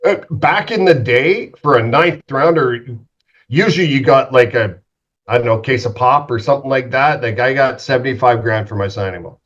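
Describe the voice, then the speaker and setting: A former pro goalie from western Canada spins animated, profane stories, acting out everyone he quotes. His voice sits in an average male range. The recording is a little dull and lo-fi. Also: medium pitch, moderate pace. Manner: animated, swearing, acts out quotes. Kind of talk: casual storytelling interview. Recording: slightly dull lo-fi sound.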